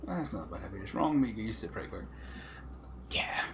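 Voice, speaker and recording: A man's voice: fairly low pitch, animated, fast, creaky, noisy background. A man chatting casually on a live game stream, rambling and swearing as he talks to viewers.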